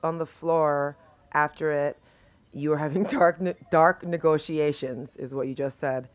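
Smooth-voiced interviewer asking loose questions. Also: mid-range voice, steady tone, unhurried. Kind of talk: conversational interviewing.

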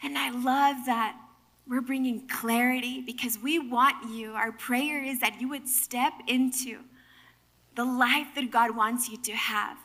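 Young woman, preacher, sermon, high-pitched, animated storytelling, soft whispered asides. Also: unhurried.

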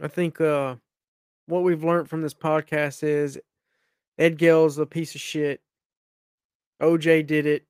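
A man hosting a podcast in casual chat, easygoing and quick to laugh. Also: on the high side, flat delivery, darkish tone, smooth, no echo, clean studio sound. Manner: laughs often, easygoing replies. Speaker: podcast host.

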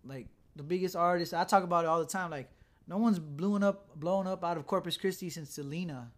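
Man, high voice, laid-back podcast host, rambling, swearing. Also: brisk. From South Texas. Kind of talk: casual chat.

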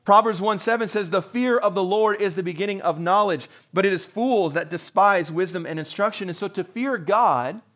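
A man's voice: high-pitched, normal speed, hardly any pauses, a bit bright. A middle-aged man preaching a sermon, talking conversationally and acting out quotes in little voices. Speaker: pastor.

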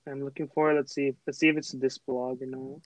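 A man's voice: mid-range voice, level tone, brisk, no echo, poor audio. A young man from Texas, hosting a casual chat and telling a long, rambling story full of fillers and restarts. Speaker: host.

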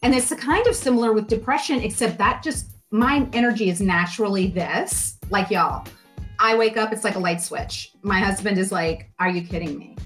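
A middle-aged woman, a life coach, talking as a podcast guest in a lively, expressive way with playful asides. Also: mid-range voice. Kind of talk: podcast interview.

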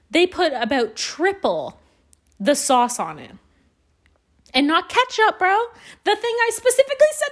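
A young woman from Canada telling rambling stories on her solo podcast, swearing often and poking fun at herself. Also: on the high side. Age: young adult. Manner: rambling, swears a lot, self-deprecating. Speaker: podcast host. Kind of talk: casual solo podcast storytelling.

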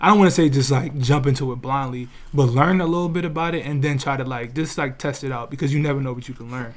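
A man on a casual podcast speaking in relaxed slang, full of restarts and "you feel me" asides. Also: medium pitch, fast talker. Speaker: podcast co-host.

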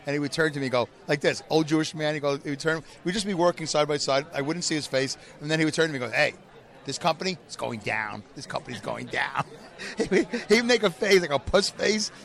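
A man's voice: a little high, fast talker, hardly any pauses, a bit bright. A man co-hosting a podcast in casual chat, joking and teasing his co-host. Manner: joking, teasing, self-mocking. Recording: crowd noise behind.

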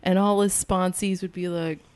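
A woman's voice: lowish voice, little pitch movement, moderate pace, darkish tone, smooth. A woman hosting a podcast, telling loose, jokey stories in casual chat. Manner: loose, jokey storytelling with frequent laughs. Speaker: podcast host.

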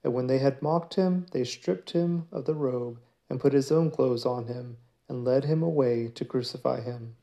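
A man giving a daily scripture reading in a measured, steady way. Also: medium pitch, gravelly. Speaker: scripture reader.

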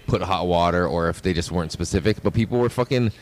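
A man's voice: low-pitched, fast talker, slight background noise. A man with a Hawaii local accent in casual chat, talking in an indignant, profane way.

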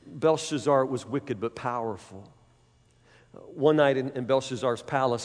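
A man preacher telling a Bible story in a sermon, animated and dramatic, often repeating his phrases. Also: mid-range voice, normal speed. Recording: long hall reverb.

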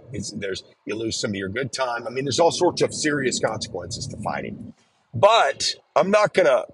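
Husky-voiced man telling a story. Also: lowish voice, rough recording. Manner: earnest, conversational, frequent restarts. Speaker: storyteller recounting his own experience. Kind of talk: personal storytelling.

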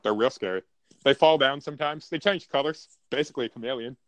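A man's voice: mid-range voice, fast, fairly bright tone. A man co-hosting a podcast in casual chat, making dry, mock-serious jokes. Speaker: podcast co-host.

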